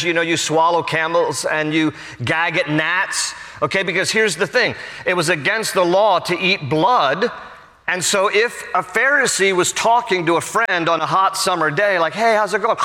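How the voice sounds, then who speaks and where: A male pastor delivering a sermon, animated and acting out the quotes himself. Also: high-pitched, long reverb tail. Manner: animated, acts out quotes and voices.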